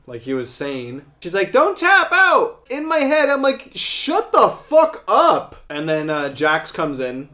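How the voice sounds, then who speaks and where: Casual male movie reviewer, chatty. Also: mid-range voice. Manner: conversational, says "like" a lot, swears when annoyed. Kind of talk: casual recap and commentary.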